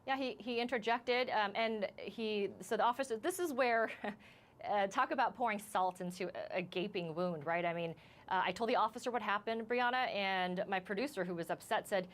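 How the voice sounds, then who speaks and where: At a medium pitch, an American woman correspondent talks as a guest in a live news interview. She is shaken, her voice unsteady, and she repeatedly stops and starts over.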